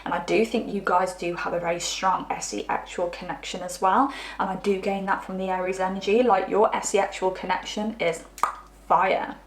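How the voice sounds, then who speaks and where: Woman, tarot reader, middle pitch, chatty and rambling, roomy echo. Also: fairly even intonation, normal speed. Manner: chatty, rambling, trips over words. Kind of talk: pick-a-card tarot reading.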